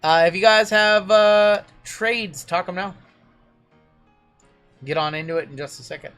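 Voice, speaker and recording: A man's voice: high voice, measured pace, a bit bright, clear, resonant tone, faint music behind. A man hosting a trading card break livestream, chatting casually and answering viewer questions as he opens packs.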